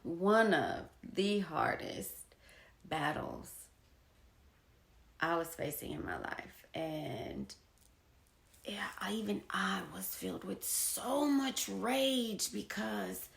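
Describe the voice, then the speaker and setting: A young adult woman talking casually and from the heart to her viewers, slow and reflective, with soft whispered asides. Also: medium pitch. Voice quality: gravelly vocal fry. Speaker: poet and painter sharing her story. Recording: echoey room.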